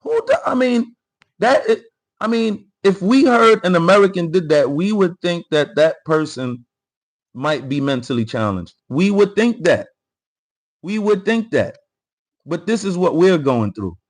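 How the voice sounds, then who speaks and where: A man's voice: high-pitched, lively intonation, unhurried, low-quality recording. A man hosting a live political commentary stream. He reads chat comments aloud, repeats phrases and talks straight to his viewers. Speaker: livestream host.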